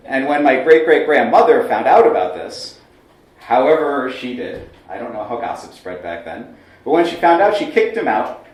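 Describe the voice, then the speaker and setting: A man in his thirties telling a comic personal story on a small stage, lively with wry asides. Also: medium pitch, moderate pace. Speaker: solo storyteller. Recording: very echoey room, mic far off.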